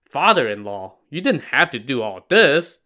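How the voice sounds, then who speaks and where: Man voicing a bandit chieftain, male, drunk, boastful, loud, bright tone. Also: medium pitch, big pitch swings, a little slow. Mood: cocky. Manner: loud, cocky and jovial.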